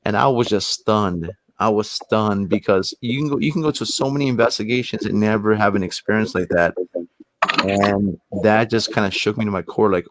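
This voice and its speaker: A man with a low voice tells a story in a loose, rambling way, doubling up words as he goes. He speaks as a guest paranormal investigator. The sound is dry and close, with no room around it. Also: fairly even intonation, brisk, dry recording. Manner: rambling, repeats words when building up a story. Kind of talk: casual storytelling in conversation.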